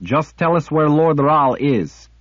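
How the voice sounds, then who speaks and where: A man's voice: mid-range voice, sing-song, slow, no room sound, voice pushed up. A man voicing a fierce, impatient female warrior who growls and demands answers, in a storybook reading. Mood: furious. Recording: dull lo-fi audiobook recording.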